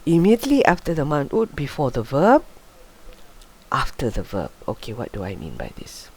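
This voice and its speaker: A woman's voice: very deep voice, wildly swooping pitch, normal speed, a little mellow, slight background noise. A woman teaching an online grammar class over a video call, guiding a student patiently with short prompts, a bit of a cough at times.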